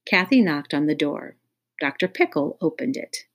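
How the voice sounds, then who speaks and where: A woman's voice: sits low, sing-song, normal speed. A woman reading a children's audiobook aloud in a playful way, speaking directly to young listeners. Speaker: audiobook reader.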